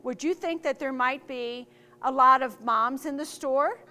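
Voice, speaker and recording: With a high-pitched, bright and forceful voice, a middle-aged woman drills young kids on safety rules. She keeps a slow, emphatic pace and fires plenty of questions at them.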